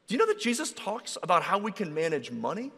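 A man preaching a sermon in a relaxed, conversational storytelling way, acting out the voices of people in his stories. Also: high voice, fast talker, creaky, breathy edge. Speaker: pastor. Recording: reverberant hall.

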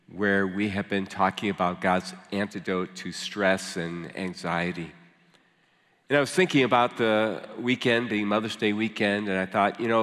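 Middle-aged male pastor, low voice, easygoing sermon delivery with fillers, reverberant church sanctuary. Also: fairly bright tone. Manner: folksy, conversational, with frequent fillers and repeated words. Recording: long reverb of a large hall.

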